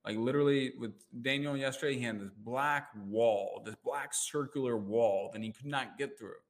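A man talking as a life coach in a casual interview. He explains his methods in an animated way and acts out inner voices with jumps in pitch. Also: moderate pace. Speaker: life coach and NLP practitioner.

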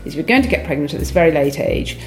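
A woman playing a smug middle-aged radio agony aunt, speaking in a deadpan, falsely authoritative way. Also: low voice, fast. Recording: echoey clip with music behind.

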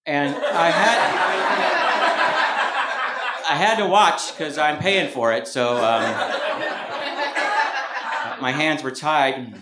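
A man from California doing a rambling, self-mocking stand-up set on a club stage before a live audience. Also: a little high. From Mountain View, California. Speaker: stand-up comedian. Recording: roomy live club recording, background noise.

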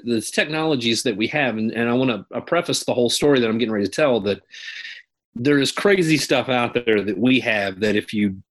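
Male veteran guest, rambling storyteller, mid-pitched voice. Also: brisk. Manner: rambling, repeats himself with fillers. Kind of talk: casual interview storytelling.

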